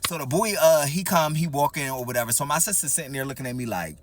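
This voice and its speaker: A man telling a personal story in a casual storytime monologue, animated, talking straight to the audience and acting out the dialogue. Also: a little high, fast talker.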